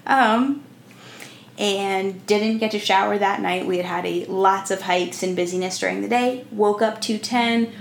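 A young woman co-hosts a casual podcast, spinning a long travel story full of "like" fillers. Her voice has a gravelly edge. The room is echoey, with a faint hiss underneath. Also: medium pitch, measured pace. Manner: chatty storytelling, many "like" fillers. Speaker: podcast co-host. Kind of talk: casual chat.

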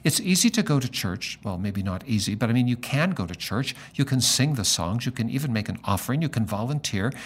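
A middle-aged man, a pastor, talking in a relaxed conversation and telling a story, acting out the lines of the people in it. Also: medium pitch, a little fast, hardly any pauses, slightly rough. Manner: animated storyteller acting out dialogue. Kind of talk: conversational storytelling in a podcast interview.

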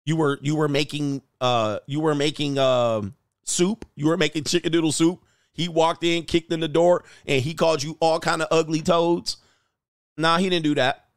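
A man with a fairly high voice delivers blunt, profane reaction commentary as a dating coach. He fires off mocking rhetorical questions and laughs at his own points. The sound is dry and close. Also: steady tone, normal speed, clear, resonant tone, no room sound.

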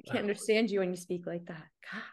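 A woman's voice: on the low side, fairly even intonation, quick pace, darkish tone. A woman hosting a podcast, talking candidly in a casual chat and leaning on "like" a lot. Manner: chatty, candid, heavy use of "like". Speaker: podcast host.

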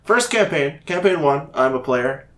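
A man's voice: on the high side, animated, normal speed, a bit bright. A man co-hosting a podcast in casual chat, laughing often, swearing freely and telling stories with energy. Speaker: podcast co-host.

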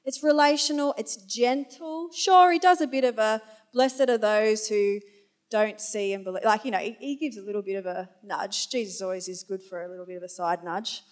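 High-voiced woman preaching casually. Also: a little fast, hardly any pauses. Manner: chatty and informal, with wry humorous asides; loses her place and corrects herself aloud. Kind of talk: conversational sermon.

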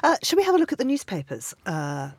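A woman's voice: mid-range voice, wildly swooping pitch, fast, breathy edge, no echo. A woman hosting a radio newspaper review, chatty and teasing, with lots of fillers. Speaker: host. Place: radio studio.

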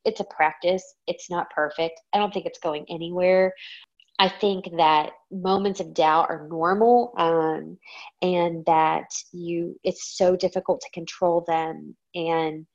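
A woman's voice: fairly low pitch, steady tone, slow, muffled recording. Candid woman hosting a solo podcast. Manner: candid, reflective, with frequent ums. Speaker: podcast host. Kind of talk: casual solo podcast talk.

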